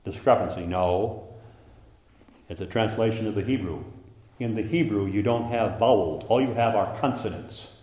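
Male preacher, low voice, passionate sermon delivery with big dynamic swings, roomy reverb. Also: moderate pace. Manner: impassioned, swells to loud emphasis and drops to hushed asides.

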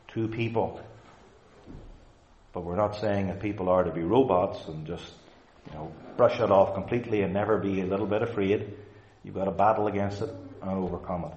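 Man preaching, earnest and emphatic, roomy echo, dull lo-fi sound. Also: lowish voice. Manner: earnest, emphatic, slows down to stress key words. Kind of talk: sermon.

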